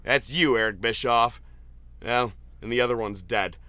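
A man hosting a casual podcast chat, retelling jokes with excited, profane laughter. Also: mid-range voice, moderate pace, smooth, no room sound. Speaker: podcast host. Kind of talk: casual chat recapping an event.

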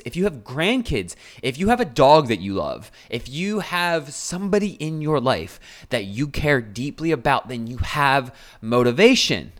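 A man's voice: mid-range voice, very animated, normal speed, fairly bright tone. A man hosting a solo podcast as a health coach, talking bluntly and casually with swearing and fillers.

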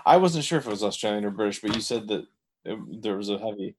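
Low-voiced man, stammering and thoughtful. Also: expressive, quick pace, slight background noise. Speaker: podcast co-host. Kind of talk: casual TV recap chat.

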